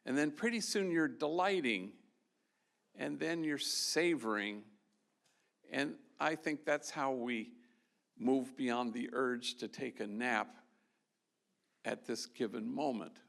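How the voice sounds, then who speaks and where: A Jesuit priest gives an award talk in an event hall before a live audience, telling stories in a loose, conversational way with frequent restarts. His mid-range voice is slow, fairly bright, and fry-tinged, and he pauses often.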